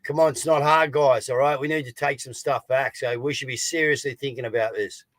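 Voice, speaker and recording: A man's voice: mid-range voice, steady tone, fairly quick, fairly bright tone, dry recording. A man co-hosting a live online news chat, speaking over a video call with a dry, close sound. He presses his viewers again and again, with lots of "all right?" and "guys". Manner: urging, repetitive, rallying the audience. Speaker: co-host of a live news talk show.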